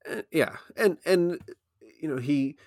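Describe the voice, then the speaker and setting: A man's voice: fairly high pitch, measured pace, darkish tone, dry recording, studio quality. A man co-hosting a philosophy podcast, talking casually and thinking aloud, with frequent restarts and repeated words. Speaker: podcast co-host.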